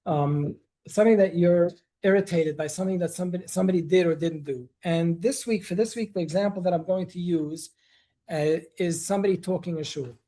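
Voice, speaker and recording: Man, workshop leader, earnest, restarts phrases, mellow tone, dry sound. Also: high-pitched, fairly quick, dry recording, low-quality recording. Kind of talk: Torah workshop lecture. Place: study hall with online attendees.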